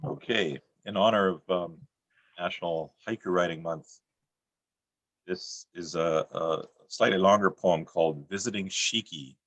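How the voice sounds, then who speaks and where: A middle-aged man reads his poems over a video call in a dry, deadpan way and makes jokes at his own expense. His voice sits low and carries a slight husk. The sound is close and dry, with no room around it. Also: measured pace, no echo. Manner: dry, deadpan delivery with self-mocking jokes. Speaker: featured poet. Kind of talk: poetry reading on a video call. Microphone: computer mic on a video call.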